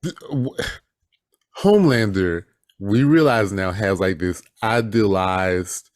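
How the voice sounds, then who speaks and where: A man co-hosting a podcast, speaking in a measured, analytical way in casual chat about a TV episode. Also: lowish voice, no room sound, clean studio sound. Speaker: podcast co-host.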